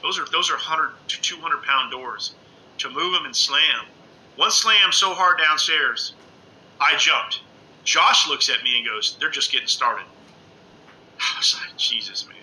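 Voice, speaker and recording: A middle-aged man chatting casually on a live stream from home, rambling excitedly and calling everyone "man" with lots of uh's. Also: fairly high pitch, a little slow, rough recording. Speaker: ghost-hunting live streamer. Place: indoors at home under a lamp.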